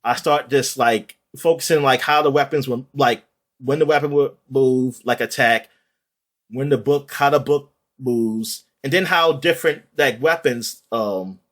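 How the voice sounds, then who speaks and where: A man's voice: medium pitch, a little slow. Rambling man in casual chat. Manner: rambling, animated retelling with many fillers and restarts; casual swearing. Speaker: podcast co-host.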